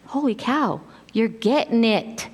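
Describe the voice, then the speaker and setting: A middle-aged woman giving a casual sermon, telling stories in an animated way and acting out quotes with laughs. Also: fairly high pitch, slow, breathy edge. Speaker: preacher. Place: church sanctuary. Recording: long hall reverb.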